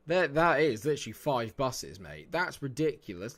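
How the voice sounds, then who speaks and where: A man with a fairly low voice runs a relaxed live-stream commentary over a football management game. He talks straight to his viewers and his players, with easy chat and a bit of mild swearing, from a room at home. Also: a little fast, few pauses. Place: home room near a main road.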